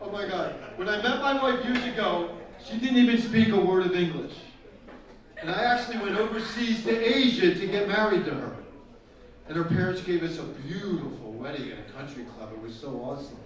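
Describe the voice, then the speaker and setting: A man's voice: sits high, brisk. A middle-aged man doing live stand-up comedy with crude, teasing crowd work, laughing at his own jokes. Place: live event stage with audience. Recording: echoey hall taken from a distance with music.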